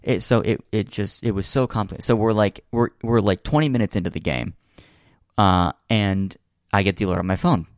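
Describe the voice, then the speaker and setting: A man's voice: lowish voice, a little fast, no echo, clean studio sound. A young man casually telling a long funny story, full of fillers and restarts. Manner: rambling, many fillers and restarts, laughs while telling. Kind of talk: casual chat.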